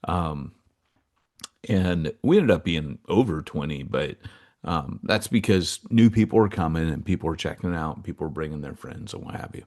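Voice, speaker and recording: A man with a deep voice hosts a podcast in relaxed conversation. His pitch swings widely as he tells stories, slangy and chatty, wandering into asides. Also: moderate pace. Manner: animated storyteller, slangy, fond of asides. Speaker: podcast co-host. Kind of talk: casual podcast chat.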